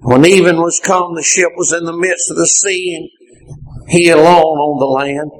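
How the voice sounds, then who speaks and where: A man preaching a fervent sermon, repeatedly rising into impassioned shouts. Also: fairly high pitch, steady tone, moderate pace, rough recording.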